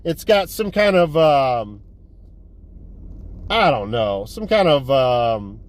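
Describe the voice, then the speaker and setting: A man's voice: mid-range voice, slow pace. A man giving a casual movie haul review, rambling and swearing as he retells a plot. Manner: rambling, profane, animated retelling. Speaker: movie collector vlogger.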